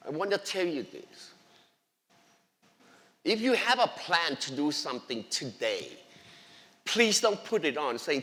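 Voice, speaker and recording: Guest speaker, male, bright and forceful delivery, earnest testimony, long church-hall reverb. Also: a little high, very animated, a little slow, long pauses. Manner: earnest, emotional, non-native English grammar. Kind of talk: personal faith testimony. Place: church sanctuary.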